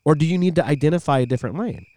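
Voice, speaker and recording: A middle-aged man co-hosting a podcast, an animated storyteller who used to be a radio voice guy, chatting casually. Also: fairly high pitch, rapid-fire, no room sound. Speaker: podcast co-host.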